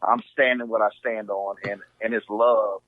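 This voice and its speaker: A man's voice: on the low side, steady tone, normal speed, no echo. Earnest man on a tinny line. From Inglewood, California. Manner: earnest, heartfelt, filler-heavy. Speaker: podcast guest. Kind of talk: casual conversation. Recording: tinny phone-like line, dry.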